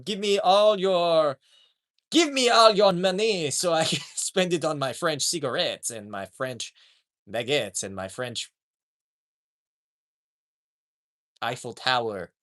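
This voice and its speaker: A man's voice: fairly high pitch, measured pace, fairly bright tone. A man voicing a scheming French male circus scammer with a cartoonish fake French accent and a hammy laugh.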